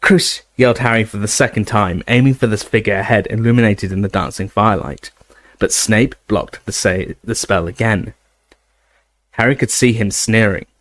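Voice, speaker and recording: A man reading a fantasy novel aloud as an audiobook narrator, expressive and raising his voice for the shouted moments. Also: fairly low pitch, moderate pace, no echo.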